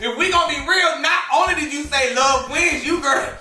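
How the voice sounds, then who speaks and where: A man hosts a gossip show with casual drama commentary, speaking in a very high-pitched, bright, forceful voice at a fairly quick pace. He's sassy, exclaims a lot and laughs often. The recording sounds echoey, with him distant from the mic and faint music behind.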